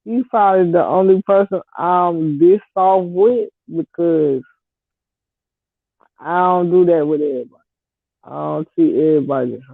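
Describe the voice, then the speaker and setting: A woman's voice: deep voice, vocal fry, no room sound. A woman in her thirties from Detroit with a Detroit accent touched by the Southern US, telling a story in a blunt, laid-back casual way. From Detroit, Michigan. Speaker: vlogger. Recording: dry, tinny phone-like audio.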